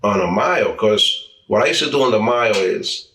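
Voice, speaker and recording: A man's voice: lowish voice, expressive, a little fast, bright, forceful tone, far from the mic. A man from the New York area, an interviewee telling casual stories, who acts out quoted dialogue and often restarts his words. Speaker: interviewee, former street racer. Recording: roomy sound, mic set back from speaker.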